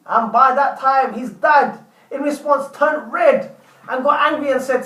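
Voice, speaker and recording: A man's voice: very high voice, a little slow, bright, forceful tone. A man telling a story to his viewers in a casual vlog, chatty and repeating words as he goes. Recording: roomy, distant from mic.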